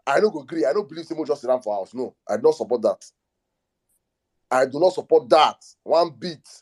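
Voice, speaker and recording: A man hosting a live online discussion, calming speakers and repeating himself for emphasis. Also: mid-range voice, fairly quick. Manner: soothing, repeats calming phrases. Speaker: host. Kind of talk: live audio space discussion.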